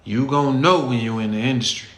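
A man's voice: medium pitch, fast talker, fairly bright tone. A man with a Chicago accent hosting his own show, talking to listeners in a blunt, heated, slang-heavy rant. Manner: blunt, heated, slangy, talks straight to the audience. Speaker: podcast host. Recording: echoey room with faint ambient noise.

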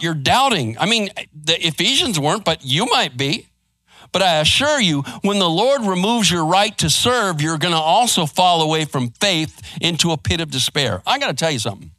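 A male pastor with a Texan accent delivers a sermon in a casual, conversational way, often checking in with his listeners. His voice sits high and swings widely in pitch, and the tone is bright and forceful. The sound is dry and close. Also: no echo. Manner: conversational preaching, frequent "right?" and "man". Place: church sanctuary.

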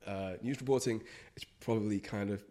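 A man's voice: on the low side, a little fast. A man, a freelance broadcast journalist, telling stories in casual podcast chat, acting out quotes with lots of fillers and swearing. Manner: animated storytelling, acts out quotes, swears, many fillers.

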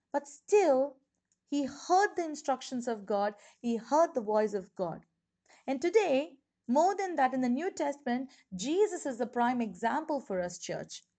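A woman's voice: sits high, darkish tone. A woman pastor giving an earnest podcast sermon, stressing key phrases and often repeating words as she goes. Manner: earnest preaching, rising emphasis on key phrases; restarts and repeats words while speaking.

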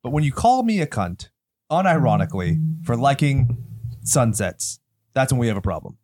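A man hosting a horror movie podcast, loud and theatrical in casual chat. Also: medium pitch, sing-song, normal speed, no room sound, studio quality. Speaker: podcast host.

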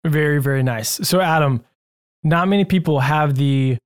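Man, podcast host, casual interview, upbeat, chatty, enthusiastic, fairly high voice. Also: normal speed.

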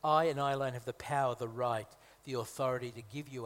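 A man's voice: medium pitch, fairly even intonation, fast talker, few pauses, fairly bright tone. A man from Malta, a guest preacher, delivering a conversational sermon with humorous asides and emphatic repetition. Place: church hall. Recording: reverberant hall.

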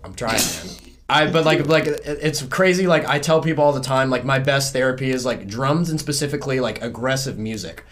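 This man in his 20s, a music student from South Carolina, rambles through a casual podcast interview as a guest, packing his speech with "like." His medium-pitched voice is a bit bright, with lively intonation and a brisk pace.

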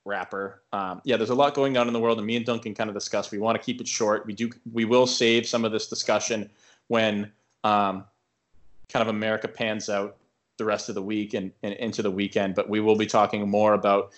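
A man's voice: lowish voice, little pitch movement, fairly quick. A young man co-hosting a podcast, telling a story in a rambling casual way, full of filler words and restarts. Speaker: podcast co-host.

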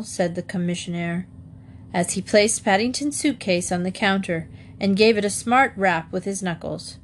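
Female storybook narrator, lower voice, steady reading. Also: moderate pace, slight background noise.

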